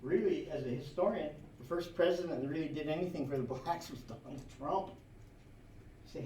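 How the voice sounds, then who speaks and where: A man's voice: on the high side, normal speed, mellow, slight background noise. A man teaching a history class, lecturing animatedly with rhetorical questions and chuckling asides, recorded from across a classroom. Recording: echoey classroom recorded from far off.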